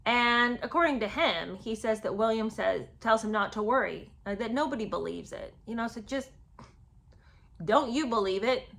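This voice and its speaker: A woman's voice: a little high, animated, normal speed, gravelly, fairly bright tone. A woman giving casual, sarcastic commentary on a book, chatting with lots of ums and restarts. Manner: sarcastic, chatty, many fillers.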